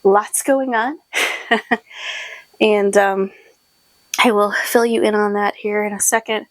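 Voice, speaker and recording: A woman's voice: medium pitch, steady tone, slow pace, no echo, low-quality recording. A woman hosting her own podcast, chatting casually and rambling a little, short on sleep. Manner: chatty and rambling, with many fillers and laughs. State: sleep-deprived. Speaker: podcast host and shop owner. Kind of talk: casual chat to camera.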